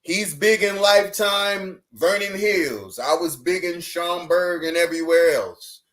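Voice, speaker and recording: A man with a notably high-pitched voice tells a personal story as a guest on a podcast. He talks in a lively, animated way and laughs easily as he goes. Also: measured pace. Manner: lively, laughing, acts out dialogue in his story.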